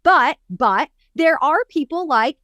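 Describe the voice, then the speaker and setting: A woman's voice: sits high, takes it slowly, no room sound, dull audio. A woman coach co-hosting a podcast in a casual chat, telling stories with a lot of animation. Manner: animated storyteller who acts out quotes. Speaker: podcast co-host and business coach.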